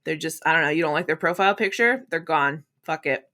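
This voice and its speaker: A woman hosting a podcast, talking frankly and chattily in a solo monologue, with casual swearing and quick acted-out asides. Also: sits low, lively intonation, a bit bright. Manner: acts out quoted voices in quick asides. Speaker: podcast host.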